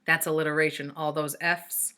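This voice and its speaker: A woman's voice: low voice, normal speed, smooth. A woman teacher reading a chapter book aloud to children, stopping to explain. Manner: expressive, explains as she reads.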